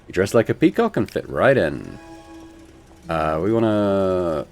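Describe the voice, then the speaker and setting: Solo tabletop player and narrator, man, lower voice, very lively ups and downs, faint music behind. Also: measured pace, vocal fry. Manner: expressive, groans and swears at dice rolls. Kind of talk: playing a tabletop game on camera.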